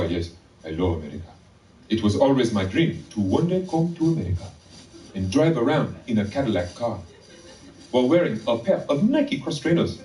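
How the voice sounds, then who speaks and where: A man's voice: lowish voice, dark tone. A man putting on an earnest African immigrant clerk. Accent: put-on African accent. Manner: earnest, formal, eager to please. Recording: roomy sound from a distant mic.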